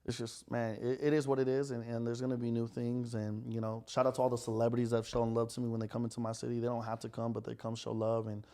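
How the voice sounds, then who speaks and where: A young man, telling stories in casual podcast chat, animated and profane. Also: medium pitch, quick pace, hardly any pauses. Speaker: podcast guest, restaurant owner.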